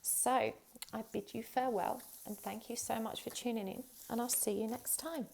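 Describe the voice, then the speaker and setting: A woman's voice: fairly high pitch, steady tone, normal speed, gravelly, slight background noise. A woman giving a chatty tarot reading straight to her viewers, talking casually with many fillers. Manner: chatty, warm-hearted, many ums and you-knows. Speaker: tarot reader.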